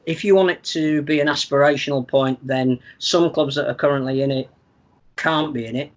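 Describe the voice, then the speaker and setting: Measured, analytical male rugby pundit. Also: fairly high pitch, fairly even intonation. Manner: measured, analytical, repeats words as he thinks. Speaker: podcast pundit. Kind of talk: casual sports podcast chat.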